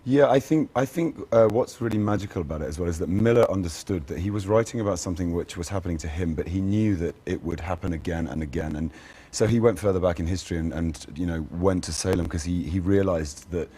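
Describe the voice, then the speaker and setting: Husky, deep-voiced man talking thoughtfully. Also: fast, mellow. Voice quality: husky, worn voice. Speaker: actor, interview guest. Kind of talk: TV interview.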